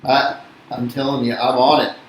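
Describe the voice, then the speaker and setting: A man's voice: mid-range voice, flat delivery, normal speed. A man co-hosting a card break, giving brief, easygoing replies in casual chat. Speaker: co-host helping with the break. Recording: echoey room with faint background noise.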